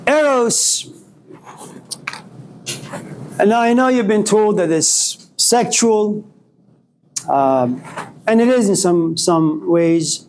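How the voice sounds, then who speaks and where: A man's voice: sits high, slight background noise. A man giving a philosophy lecture to a class, telling stories and acting out the voices in them. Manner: animated storytelling, acts out quoted voices.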